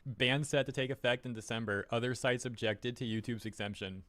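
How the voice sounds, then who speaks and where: A man's voice: mid-range voice, steady tone, fairly quick, a bit bright, no echo. A man doing online commentary, reading news headlines aloud with wry, mocking asides.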